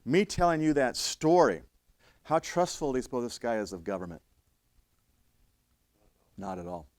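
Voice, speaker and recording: An older man, an instructor, telling a story in a lecture, emphatic and restarting his sentences, now loud, now quiet. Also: medium pitch, sing-song, moderate pace, dry recording. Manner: emphatic, with frequent restarts and swings in loudness. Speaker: fire service instructor.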